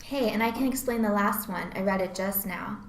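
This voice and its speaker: A woman's voice: mid-range voice, brisk, roomy sound, a little hiss or hum, low-quality recording. A woman chiming in eagerly during a scripted class presentation. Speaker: student presenter.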